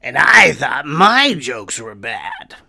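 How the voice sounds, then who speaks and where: A man doing a slow, taunting impression of a male comic book villain clown. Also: on the high side, big pitch swings, gravelly, pushed and bright, heavily acted.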